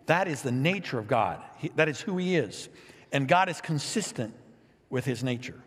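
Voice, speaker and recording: A man preaching a sermon as pastor, animated and playful, reading scripture with lively asides. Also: medium pitch, a little slow, long pauses, husky, big-room sound.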